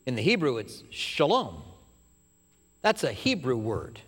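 A man preaching a sermon, retelling a story with animated asides and acting out what people say. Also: mid-range voice, a little slow, husky, big-room sound. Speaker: pastor.

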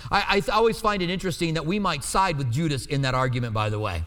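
A man's voice: high-pitched, expressive, fairly quick, a bit bright. A man preaching a teaching sermon in a conversational way, checking in with his listeners as he goes. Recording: long hall reverb.

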